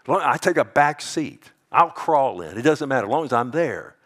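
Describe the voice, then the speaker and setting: A pastor preaching a sermon, calling out to his congregation and swinging between hushed asides and loud, emphatic passages. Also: medium pitch, expressive, moderate pace.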